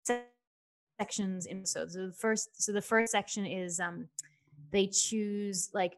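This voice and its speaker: A woman in casual chat, talking fast and loose with lots of "like" and "you know", a little tired. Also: mid-range voice, fairly even intonation.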